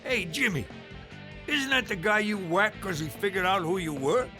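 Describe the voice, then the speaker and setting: Sleazy uncle type, high and bright, crude patter. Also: male voice, normal speed, soft background music. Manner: crude, wheedling. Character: crude, leering uncle, much-divorced. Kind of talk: adult cartoon voice acting.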